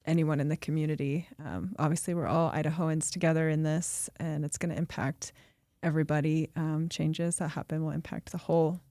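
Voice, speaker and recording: Low-voiced woman hosting an interview. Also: fairly even intonation, no echo, studio quality. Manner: measured questions, quiet backchannel listening. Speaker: podcast host.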